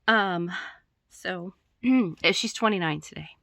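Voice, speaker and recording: Low-voiced woman reading her story casually. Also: takes it slowly, fairly bright tone, no room sound, studio quality. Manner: chatty, giggly, with throat-clearing asides. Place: room at home with poster backdrop.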